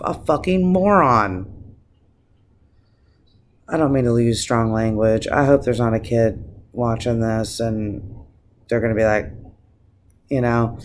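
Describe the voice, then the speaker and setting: A man rants to camera on his vlog, cursing freely and circling back through restarts. His voice sits at an ordinary mid pitch. He talks with plain, impassioned feeling. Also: slight background noise. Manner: profane, impassioned, rambling with restarts. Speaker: vlogger. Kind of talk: casual vlog rant.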